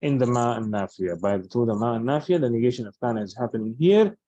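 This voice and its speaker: A man's voice: mid-range voice, expressive, quick pace, dark tone, no room sound, muffled recording. A man teaching Arabic grammar in a lecture, explaining patiently and restating each point with examples.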